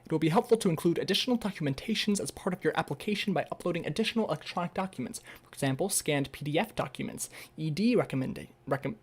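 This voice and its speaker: A man's voice: a little high, animated, quick pace, few pauses, slightly rough. A young man on a casual livestream, reading an article aloud with stumbles and rambling, sarcastic asides full of swearing. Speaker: streamer.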